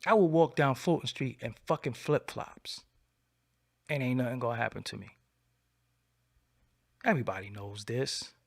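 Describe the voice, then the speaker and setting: A man hosting his own channel, delivering a defiant, boastful solo rant that swings between a low murmur and loud outbursts. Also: normal speed, creaky, long pauses. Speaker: channel host. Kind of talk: late-night solo rant to camera.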